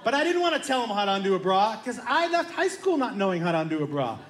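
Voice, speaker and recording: A man doing stand-up comedy, telling an animated story and playing both sides of the dialogue. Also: high voice, fast talker. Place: comedy club stage with live audience. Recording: live club room echo with crowd laughter.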